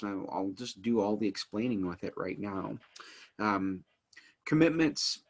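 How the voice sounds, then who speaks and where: Man, lowish voice, breathy grain, earnest family educator, casual talk to camera, slows himself down. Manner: earnest, eager, works at speaking slowly and calmly; frequent fillers and restarts as energy rises.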